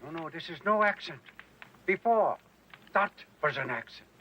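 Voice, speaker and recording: A man's voice: on the high side, lively intonation, moderate pace, slight background noise. An actor playing a feeble old German-accented male ex-Nazi professor who pleads and twists the blame. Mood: sly. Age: older. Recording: dull lo-fi TV audio.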